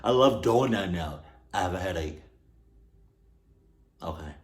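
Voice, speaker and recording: A man reacting to a horror video in casual commentary, ranting and cursing in an animated way, at home. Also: deep voice, unhurried, reverberant.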